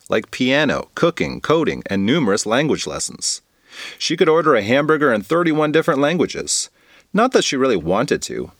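A man's voice: mid-range voice, no room sound, studio quality. A man narrating a goofy children's story in a playful, comic manner. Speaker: podcast storyteller.

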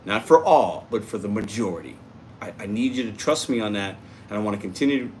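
A Puerto Rican man hosting a laid-back livestream reads and answers viewers' comments in a chatty, upbeat manner. His lowish voice is brisk with lively intonation, over a slight hiss or hum.

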